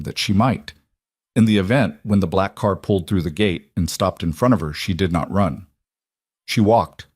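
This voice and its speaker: A man narrating a dramatic story in short, even, declarative sentences. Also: lowish voice, no room sound, clean studio sound.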